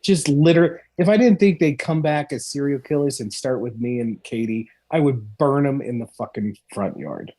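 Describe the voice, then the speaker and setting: A man's voice: medium pitch, normal speed, hardly any pauses, mellow. Man, co-host, profane comedic rant, heavy swearing, exasperated. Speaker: podcast co-host.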